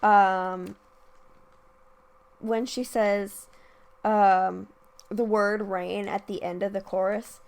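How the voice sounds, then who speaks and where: A woman's voice: medium pitch, flat delivery, extremely slow, long pauses, clear, resonant tone. A young woman hosting a casual solo podcast, chatting about songs with many ums and restarts and singing short quoted lines. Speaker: podcast host, music reviewer.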